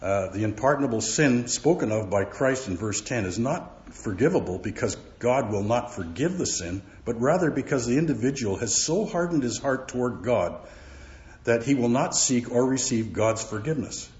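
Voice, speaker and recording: A man teaching verse by verse from the Bible, halting often with fillers and repeated words. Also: medium pitch, animated, darkish tone. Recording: roomy, dull recording.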